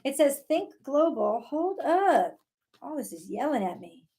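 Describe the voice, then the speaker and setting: A woman giving a casual live tarot reading, excitable, talking to God and her viewers and swearing now and then. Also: sits high, measured pace. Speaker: tarot reader.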